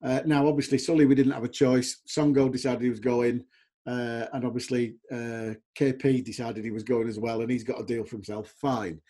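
A man's voice: mid-range voice, flat delivery, brisk, dark tone. A middle-aged man hosting a casual football chat, a chatty storyteller who livens his anecdotes by acting out other people. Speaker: podcast host.

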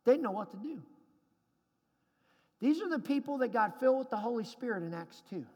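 High-voiced preacher man in a reverberant hall. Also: very animated, fairly quick. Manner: emphatic preaching, rising to shouts at climaxes. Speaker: pastor. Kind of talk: sermon.

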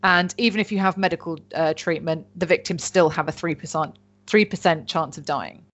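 A woman's voice: on the low side, a little fast, fairly bright tone, soft background music. A woman, casually telling a story on a chatty podcast and joking and swearing as she goes. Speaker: podcast host. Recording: dull lo-fi sound.

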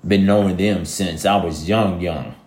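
A man's voice: low voice, unhurried, a little mellow. A young man talking casually to his listeners, rambling and emphatic, repeating himself in slangy speech. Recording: echoey room.

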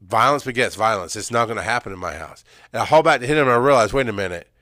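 A middle-aged man in EMS talking candidly to peers, blunt and earnest, swinging from loud emphasis to quiet asides. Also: on the low side, lively intonation, rapid-fire, no room sound, studio quality. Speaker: EMS worker speaking on mental health. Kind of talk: candid personal talk to peers.

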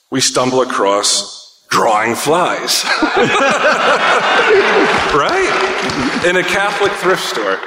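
A man's voice: medium pitch, animated, a little slow, bright, forceful tone. A man co-hosting a podcast, telling a long, rambling, profane story in casual chat and laughing along the way. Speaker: podcast co-host. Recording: echoey room with long reverb.

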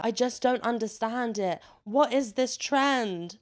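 Young woman rambling on her podcast, smooth clear voice, swears a lot, laughs and gets worked up. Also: on the high side, slow pace, hardly any pauses. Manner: chatty, sweary, laughs often, gets animated when ranting. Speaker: podcast host. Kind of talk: casual solo podcast chat.

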